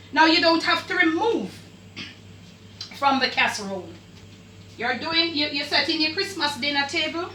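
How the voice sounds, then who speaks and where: A woman with a Jamaican accent hosts a cooking video in her home kitchen, chatty and full of exclamations. Her voice is high and bright. The camera mic sits some distance off in an echoey room. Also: slight background noise. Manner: chatty, exclaims while tasting. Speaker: cooking channel host. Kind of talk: casual cooking demonstration.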